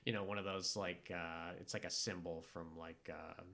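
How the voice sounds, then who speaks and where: A man casually recapping a horror film in a rambling, animated way, full of fillers and restarts. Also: low-pitched, normal speed, gravelly. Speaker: podcast co-host recapping a film. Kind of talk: casual chat.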